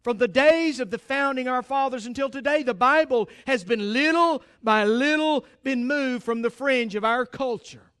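A man's voice: extremely high pitch, normal speed, few pauses, fairly bright tone, clear, resonant tone. A man preaching a sermon as pastor, speaking emphatically, often repeating and restarting his phrases and calling out directly to the congregation. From United States.

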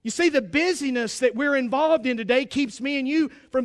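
A man's voice: very high voice, normal speed. A male pastor preaching a folksy, emphatic sermon with bits of humor.

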